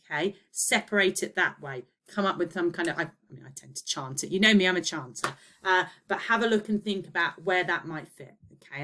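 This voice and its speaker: A woman's voice: fairly low pitch, fairly bright tone. A woman teacher giving a recorded lesson, explaining step by step and checking in with her pupils. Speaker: primary school teacher.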